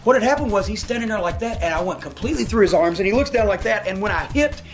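A man telling a long, profane anecdote in a casual interview, animated and full of asides. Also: high-pitched, fast. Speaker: guest telling a story. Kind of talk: casual storytelling.

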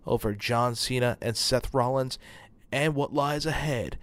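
A male show host narrating a recap in a measured way. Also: mid-range voice, a bit bright, no echo.

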